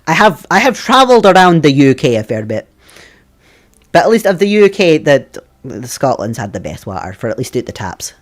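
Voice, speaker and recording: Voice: medium pitch, sing-song, brisk. Giggly streamer chatting at a home desk. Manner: giggly, laughs often between remarks. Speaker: game streamer chatting with viewers. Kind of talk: casual live-stream chat.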